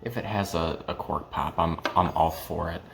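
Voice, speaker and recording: Young man, deep voice, gravelly, hesitant, casual home vlog, camera mic. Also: normal speed, slight background noise. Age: young adult. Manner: hesitant, lots of ums and restarts. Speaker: vlogger reviewing whiskey.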